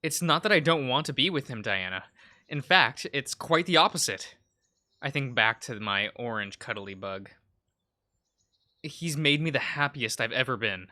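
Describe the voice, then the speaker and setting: A man's voice: medium pitch, expressive, normal speed, bright, forceful tone. Man voicing insecure young med student. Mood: doubtful. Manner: hesitant, self-doubting. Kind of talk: visual novel read-aloud.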